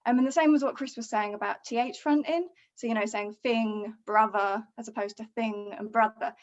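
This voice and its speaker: Linguist lady explaining stuff over a muffled call, bit high voice. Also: fast talker, a little mellow. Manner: fluent, explanatory, many fillers like you know and um. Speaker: linguist guest speaker. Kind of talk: explaining research on a webinar. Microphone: video call. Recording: dull video call audio.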